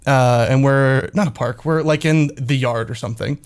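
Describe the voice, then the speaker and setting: A man's voice: medium pitch, moderate pace. A young man co-hosting a comedy podcast, telling a story in a rambling, laughing, profane way. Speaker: podcast co-host.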